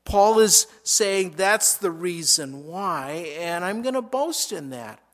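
A man's voice: sits high, expressive, slow. A man preaching a sermon, reading scripture verses aloud and explaining them, with frequent small repetitions. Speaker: pastor.

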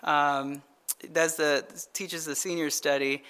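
Man, pastor, high voice, chatty sermon, rhetorical questions, chuckles through stories. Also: little pitch movement, takes it slowly, bright, forceful tone, clear, resonant tone. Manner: conversational, asks the audience rhetorical questions; chuckles while telling stories. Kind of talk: midweek Bible-study sermon.

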